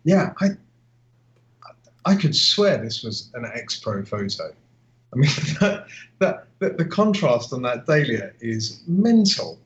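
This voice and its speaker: A man's voice: mid-range voice, big pitch swings, slow pace. A man co-hosting a casual photography podcast, talking in a rambling way with many restarts. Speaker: podcast co-host. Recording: dull lo-fi call audio.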